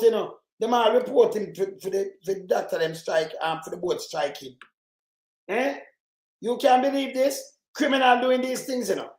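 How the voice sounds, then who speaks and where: Jamaican male commentator, high voice, animated and rambling, roomy echo. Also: moderate pace. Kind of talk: casual commentary in patois.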